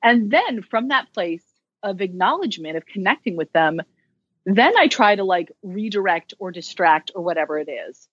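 A woman's voice: medium pitch, animated, moderate pace, fairly bright tone, breathy edge, dry recording, lo-fi sound. A woman who is a social worker, speaking as a podcast guest in a candid, chatty way with self-deprecating humor. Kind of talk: casual interview conversation.

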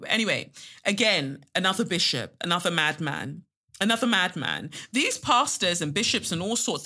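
A woman's voice: fairly low pitch, pushed and bright. A woman hosting a solo podcast, blunt and scornful, swearing freely as she comments. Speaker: podcast host.

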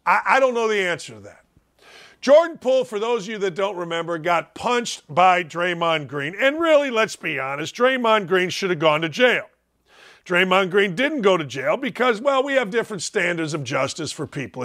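A high-voiced older man ranting on a sports talk show. He mocks loudly and then sinks into slow, low asides to drive a point home. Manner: loud, mocking, dips low and drawn out for emphasis. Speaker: radio sports host. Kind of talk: opinionated sports talk rant.

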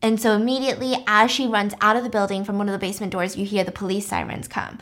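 A young adult woman casually retelling a film plot, talking quickly with lots of fillers and animated quoted lines. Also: mid-range voice. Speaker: podcast host recapping a film. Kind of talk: casual storytelling chat.

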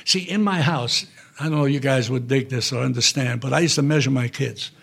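An older man with a New York accent telling lively, salty stories as a guest in an interview, acting out quotes as he goes. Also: medium pitch, brisk, gravelly, slightly rough. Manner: animated, salty, acts out quotes. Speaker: guest actor. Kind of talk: storytelling interview. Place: private club room.

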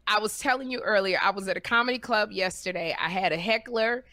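Woman comedian, podcast co-host, bright tense voice, dry close sound, animated storyteller. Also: fast, no room sound. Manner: animated, acts out quotes with big pitch jumps. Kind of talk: casual storytelling chat.

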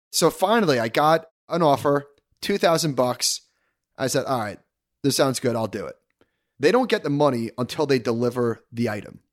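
A man's voice: medium pitch, animated, normal speed, long pauses, no room sound, studio quality. A man co-hosting a podcast, telling a rambling anecdote in casual chat and correcting himself as he goes. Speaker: podcast co-host.

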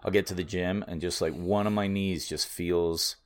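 A man's voice: deep voice, fairly even intonation, normal speed. A young man co-hosting a podcast, chatting casually and enthusiastically about comedy and workouts. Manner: easygoing, enthusiastic storyteller. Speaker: podcast co-host.

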